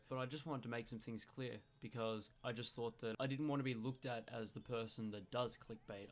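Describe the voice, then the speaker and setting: A young Australian man in casual commentary over gameplay footage, explaining at length with frequent ums and restarts. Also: lowish voice. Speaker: gaming YouTuber.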